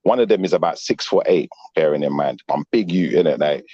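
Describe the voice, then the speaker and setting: A deep-voiced middle-aged man tells a story in loose street slang, peppered with tag questions. His voice sounds close and dry, and the stream audio is dull and lo-fi. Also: brisk, warm tone, dry recording. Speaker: panel guest. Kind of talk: casual storytelling.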